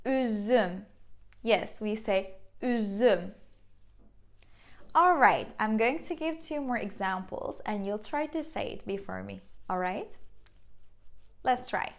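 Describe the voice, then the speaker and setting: A young woman with a Turkish accent, teaching a beginner lesson on how to pronounce vowels, slowly repeating each sound. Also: mid-range voice, lively intonation, gravelly. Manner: slow, patient, repeats sounds, exaggerated mouth demonstrations. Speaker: language teacher.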